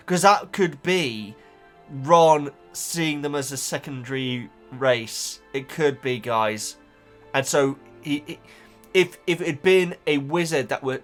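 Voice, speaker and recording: A man's voice: fairly high pitch, a bit bright. A man hosting a casual reading reaction, rambling aloud and stumbling over repeated words as he thinks. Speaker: YouTube reaction host reading a book.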